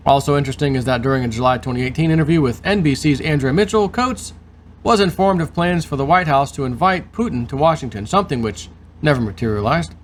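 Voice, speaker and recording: A man's voice: a little high, expressive, fast talker, slight background noise. A man hosting his show, reading news aloud and breaking off into sarcastic commentary. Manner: reads aloud, then adds sarcastic asides. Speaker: host.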